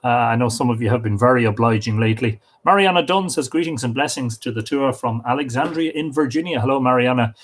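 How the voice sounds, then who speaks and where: A man's voice: mid-range voice, fast, few pauses. A middle-aged Irish man hosting a livestream, casually reading out viewers' comments and greeting each one by name, with small slips and restarts.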